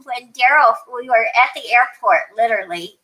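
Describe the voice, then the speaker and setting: A woman's voice: on the high side, expressive, moderate pace, sharp tone, low-quality recording. An older woman from New Mexico, a podcast guest chatting casually and rambling through stories with lots of restarts and fillers. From New Mexico, USA. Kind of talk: casual interview storytelling.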